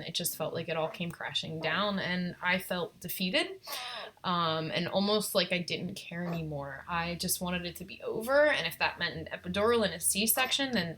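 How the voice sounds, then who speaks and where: Young woman, live-stream vlogger; bright tone, candid, reflective storytelling with frequent fillers. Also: medium pitch. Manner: candid, reflective, many ums and restarts.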